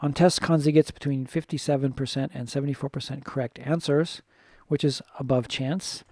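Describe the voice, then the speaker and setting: A man's voice: medium pitch, fairly even intonation, brisk, a little mellow, no echo. A man teaching a casual recorded lesson, thinking aloud and correcting himself as he goes. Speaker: English teacher.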